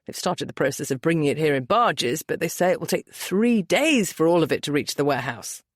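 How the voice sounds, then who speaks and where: Dry-witted young brother, woman narrator barely shifting, sardonic and quick. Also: sits low, expressive, no echo. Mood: wry. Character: wry young brother, dryly joking.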